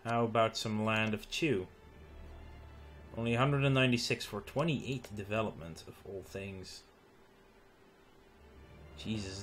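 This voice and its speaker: A tired man thinking aloud as he plays a strategy game late at night, halting with ums and restarts. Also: on the low side, fairly bright tone, a little hiss or hum. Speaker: gaming channel host. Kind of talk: let's play commentary.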